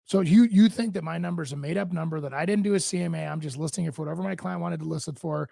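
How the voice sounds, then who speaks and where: A man's voice: fairly high pitch, quick pace, gravelly, no echo. A man from Minnesota, a real estate agent co-hosting a radio show in a studio, bluntly telling deal stories and acting out both sides of the talk. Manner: blunt, animated storytelling, acts out both sides of his deals. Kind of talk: casual studio chat.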